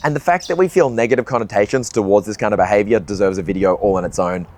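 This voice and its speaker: A young man with a fairly low voice talks to his viewers in a relaxed, conversational way. His tone is earnest and reflective, and he sometimes drops in a casual swear word. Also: quick pace, a little hiss or hum. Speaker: video essayist. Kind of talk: reflective vlog monologue.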